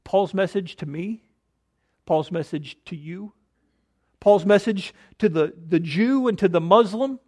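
A male pastor delivers a dynamic sermon. His voice sits high for a man, climbing on rhetorical questions and falling almost to a whisper on a single emphatic word. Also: a little slow, a little mellow.

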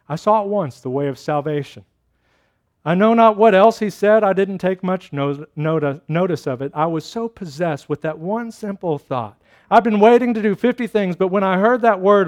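High-voiced male pastor preaching. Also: normal speed. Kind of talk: sermon.

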